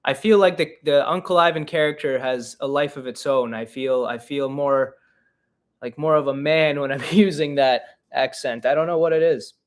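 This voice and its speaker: A man's voice: mid-range voice, fairly even intonation, moderate pace. A man in his twenties from Canada, a comedian rambling and joking his way through a casual livestream Q&A. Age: 20s. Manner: rambling, joking, self-deprecating. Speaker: comedian and podcast host.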